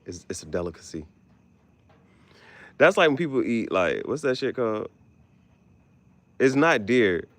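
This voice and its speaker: A man hosting a casual podcast chat, animated and profane, often jumping into squeaky exclamations. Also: dry recording. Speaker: podcast host.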